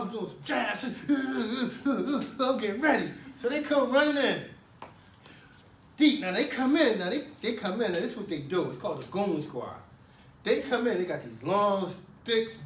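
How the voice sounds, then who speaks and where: Storyteller, male, high and lively voice, acts out scenes with loud shouted bursts, far mic in a roomy hall. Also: slight background noise. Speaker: storyteller recounting his prison years. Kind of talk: spoken personal storytelling to a live audience. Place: talk at a college hall.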